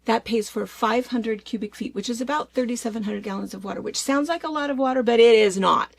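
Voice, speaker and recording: A middle-aged woman from Washington State co-hosting a casual chat, talking in an animated, ranting way. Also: a little high, fast, gravelly, no echo. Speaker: co-host.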